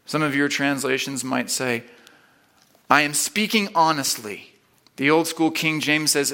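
A man preaching a sermon, emphatic, building to loud repeated stresses and then dropping low and quiet. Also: unhurried.

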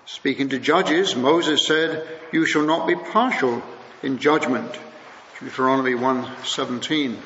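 A man delivering a sermon in a measured way, slowing down when he reads scripture aloud. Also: medium pitch, fairly bright tone, a little hiss or hum. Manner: measured, slows to read scripture. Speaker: preacher. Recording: muffled recording in a big echoing hall.

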